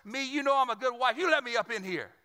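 A man voicing a sharp-tongued wife who teases her husband, heard with long reverb. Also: very high-pitched, fast talker. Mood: teasing. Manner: needling, scolding.

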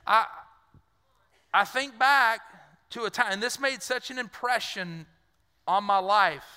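A middle-aged man from south Louisiana preaching a sermon, with a folksy, conversational delivery and quick asides, heard in a church hall. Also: high voice, bright, forceful tone, smooth. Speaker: pastor. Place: church sanctuary. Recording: long reverb of a large church hall.

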